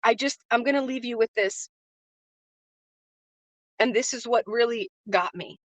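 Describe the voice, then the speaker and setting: Speaking at a measured pace in a slightly high voice, a livestream host and faith-based business coach delivers an earnest, emotional pep talk. She greets her viewers by name and leans on repeated phrases for emphasis, and the recording has no echo.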